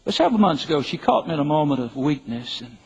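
A man's voice: on the high side, sing-song, quick pace, gravelly, darkish tone, husky. An older man preaching a sermon, telling a joking personal story in an emphatic, folksy way. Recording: dull lo-fi recording.

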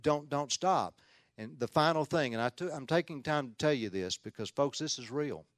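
A man preaching a sermon as a Baptist pastor, in an ordinary mid-range voice. He tells his story with earnest swings from hushed asides to loud emphasis, often restarting words. The sound is dry and close. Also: medium pitch, expressive, a little fast, dry recording.

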